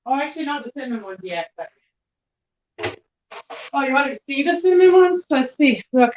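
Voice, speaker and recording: A woman's voice: high voice, expressive, brisk, highs cut off. A woman hosting a casual home livestream, rambling and easily distracted while she bakes in her kitchen. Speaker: livestream host.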